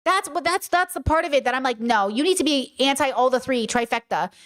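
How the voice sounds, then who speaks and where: A woman's voice: high voice, animated, brisk, fairly bright tone. A woman streamer reacting to a clip, talking casually in a heated, swearing, rhetorical way. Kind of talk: casual live-stream commentary.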